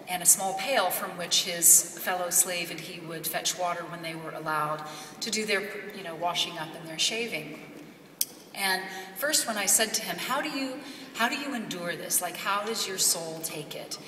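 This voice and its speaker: Speaking at normal speed in a lowish, sharp-toned voice, a woman from Kentucky gives a heartfelt extemporaneous speech at a gala. The mic sits far away in the large, echoey ballroom, picking up faint ambience plus a little hiss or hum.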